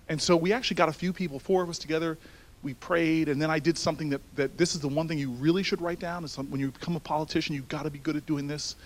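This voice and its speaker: A man telling a personal story in a speech, animated and building to shouts, then turning hushed and earnest. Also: fairly high pitch, fast talker. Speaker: speaker addressing a university audience.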